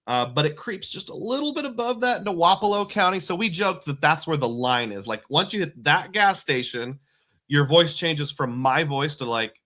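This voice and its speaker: A man's voice: on the high side, big pitch swings, moderate pace, pushed and bright. A man in his forties from southeast Iowa, hosting a live stream and chatting through viewer comments with frequent laughs. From southeast Iowa, USA. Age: 40s. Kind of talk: casual live stream chat.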